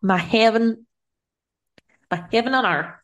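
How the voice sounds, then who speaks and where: A woman's voice: fairly high pitch, slow, a bit bright. A woman co-hosting a podcast in casual chat, chatty and giggly, tired after a long day of travel. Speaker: podcast co-host.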